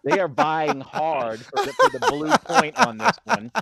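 A man's voice: high-pitched, huge pitch swings, unhurried, vocal fry, background noise. A man hosting a casual podcast among friends, running the scoring, often stammering and laughing. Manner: laughing, stammering restarts, keeps score. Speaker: podcast host, moderator. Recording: muffled lo-fi podcast audio.

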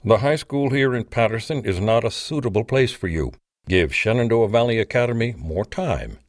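Man reading as a stern middle-aged father, insistent and scolding, voice pushed up higher than the narrator's own, crisp dry sound, storybook reading. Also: animated, moderate pace, no room sound, natural voice.

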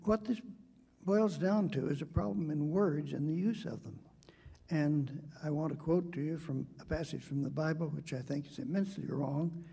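Gravelly, husky older man in debate. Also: fairly high pitch, warm tone, in a large hall. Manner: measured, hesitant, with frequent pauses and fillers. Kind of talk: debate speech with personal storytelling.

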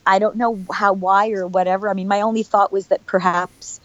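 Chatty actress guest, dull lo-fi audio. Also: female voice, mid-range voice, brisk, no echo. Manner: chatty storyteller, animated, lots of restarts. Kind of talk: casual interview chat.

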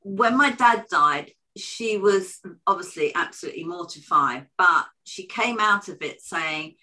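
A woman's voice: on the low side, lively intonation, unhurried, pushed and bright. A woman co-hosting a podcast, chatting casually and telling a family story with fillers and restarts. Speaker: podcast co-host. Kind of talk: casual interview chat.

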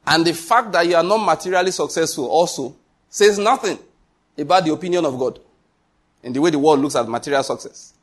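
Husky, emphatic male preacher. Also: on the high side, a little fast. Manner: emphatic preaching with repetition and rhetorical questions. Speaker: pastor. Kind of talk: sermon.

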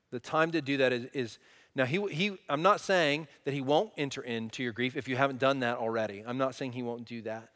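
A male pastor preaching conversationally, often restarting phrases, swinging between loud emphasis and quiet, soft moments. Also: medium pitch, long reverb tail. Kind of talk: sermon.

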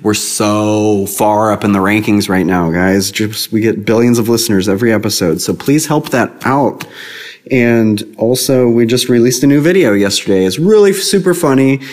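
A man's voice: on the low side, normal speed. A man co-hosting a goofy casual podcast, joking and mocking himself. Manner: jokey, self-mocking, lively. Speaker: podcast co-host.

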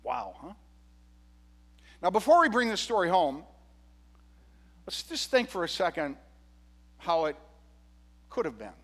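A male pastor preaching a sermon, retelling a parable with animated, humorous storytelling. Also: high-pitched, a little slow, pauses often, in a large hall.

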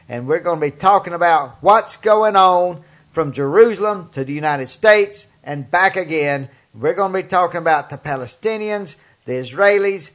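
An older man with a Southern US accent hosting a political talk show, speaking emphatically in a folksy way and getting louder on key points. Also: on the high side. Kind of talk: political commentary monologue.

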